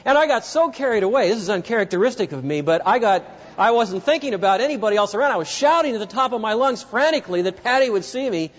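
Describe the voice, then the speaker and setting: Preacher guy telling a story in a sermon, high voice that swings all over, echoey church hall. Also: expressive, fast talker, few pauses. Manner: vivid dramatic storytelling, addresses the listeners directly. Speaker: pastor. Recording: dull lo-fi recording with long hall reverb.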